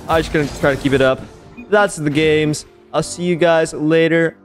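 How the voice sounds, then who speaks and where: A young man giving casual, excitable commentary over his own gameplay, swearing and mocking himself, his voice leaping up high in hype moments. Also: normal speed. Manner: excitable, swears, self-mocking, voice leaps up high when hyped. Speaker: gaming YouTuber. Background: background beat music.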